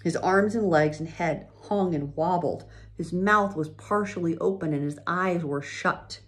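A woman reading a children's chapter book aloud, gently pausing to show pictures. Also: fairly low pitch. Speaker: reader.

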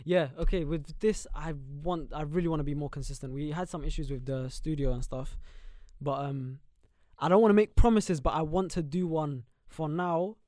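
Young male podcast co-host, slightly high voice, joking and rambling, dry close sound. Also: a little mellow, dry recording. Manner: quick, joking, rambling banter. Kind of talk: casual chat.

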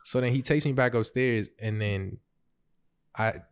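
A young podcast host tells a humorous story about himself in an easygoing way, breaking into laughter as he goes. His mid-range voice is clear and resonant and a little slow, and he animatedly quotes what he said.

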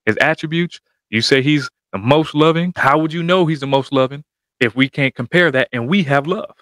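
A man talks over a debate clip in loose, slangy reaction commentary, hyping himself up and ribbing the other side. His voice sits at an ordinary pitch. The sound is dry and close, with no room around it. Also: moderate pace, no room sound. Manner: animated trash-talking slang. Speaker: reaction video host.

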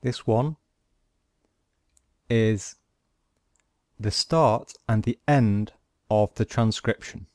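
A man teaching a pronunciation lesson over a screen recording, explaining slowly and step by step. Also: on the low side, darkish tone, no echo, clean studio sound. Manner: slow, deliberate, explaining step by step. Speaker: language teacher.

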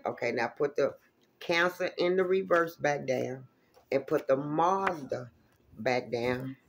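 A woman giving a casual tarot reading, animated and exclamatory, with plenty of salty, profane asides. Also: very deep voice, slow pace, slight background noise. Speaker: tarot reader.

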